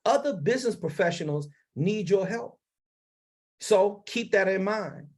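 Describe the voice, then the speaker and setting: On a livestream, a Maryland man with a voice that sits high coaches public speakers, emphatic and blunt. He uses dramatic pauses and abrupt jumps from soft to loud, picked up by a lavalier mic.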